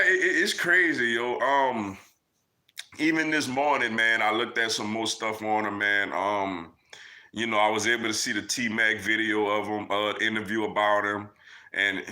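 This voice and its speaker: A man's voice: on the low side, pushed and bright. A young man hosting a casual live Q&A, reading viewer comments and chatting loosely, with lots of "man" and "yo". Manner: loose and conversational, many fillers like "man" and "yo". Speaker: livestream host answering chat.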